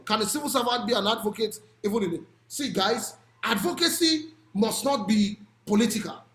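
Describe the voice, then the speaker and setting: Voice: high voice, fairly bright tone, roomy sound. A speaker with a Nigerian accent giving an impassioned public talk on advocacy and policy, pressing points with rhetorical questions and sometimes raising the voice. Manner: emphatic, with rhetorical questions and occasional raised voice.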